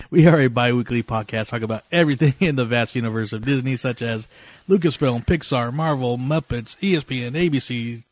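A man's voice: medium pitch, no echo. A man co-hosting a podcast in casual chat, rambling with lots of fillers and frequent laughter. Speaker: podcast co-host.

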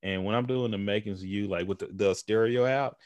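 A man's voice: lowish voice, fairly quick, a little mellow, no echo. Rambling, laughing man on a podcast. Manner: loose, rambling, laughs often; acts out relatives' voices while telling stories. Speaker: podcast host. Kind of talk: casual conversation.

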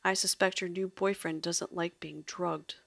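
A woman reading aloud gives voice to a romantic male maestro, tender and bittersweet. The voice sits low with a gravelly edge. Dry, close sound. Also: steady tone, a little slow, a bit bright, no echo, full character voice. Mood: dry whisper.

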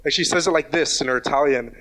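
A man with a fairly high voice tells a story in casual conversation. He rambles, restarts often and leans on fillers, and he speaks in a crude, blunt way. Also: quick pace, bright, forceful tone.

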